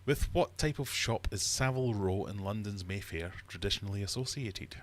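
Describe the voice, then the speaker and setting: A man's voice: fairly low pitch, moderate pace. A man hosting a live-streamed quiz from his fish room, reading questions and teasing the audience in a playful, mock-uppity way. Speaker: livestream host and quizmaster.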